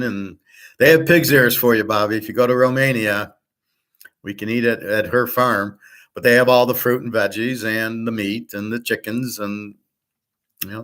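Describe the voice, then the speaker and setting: A man's voice: mid-range voice, a bit bright. A man hosting a casual monologue, talking bluntly and rambling, with the odd swear word. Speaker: host.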